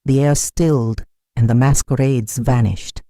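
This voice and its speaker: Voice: medium pitch, fairly even intonation, measured pace, dark tone, dry recording, clean studio sound. A storyteller giving scripted, dramatic narration of a folk tale.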